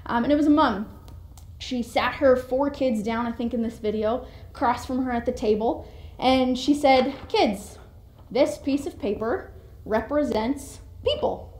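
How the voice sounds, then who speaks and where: A young Canadian woman giving a sermon-like motivational talk, animated and quick to act out voices with sudden jumps in pitch and loudness. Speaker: speaker giving a devotional talk. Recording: roomy echo.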